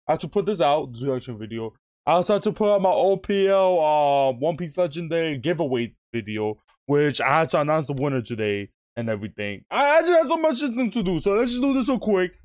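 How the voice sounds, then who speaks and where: A man's voice: fairly high pitch, expressive, brisk, a little mellow, no echo, clean studio sound. A young man chatting casually as he reacts to a video, rambling, laughing often and restarting his sentences. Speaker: YouTube reactor.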